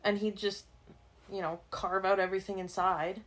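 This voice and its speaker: A woman of middle pitch telling stories on a casual podcast. She rambles easily through details in a relaxed, chatty way. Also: normal speed. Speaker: podcast co-host. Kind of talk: casual storytelling chat.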